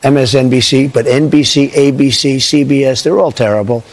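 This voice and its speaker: Gravelly older man rambling bluntly. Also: mid-range voice, fairly quick. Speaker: politician. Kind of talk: off-the-cuff press remarks.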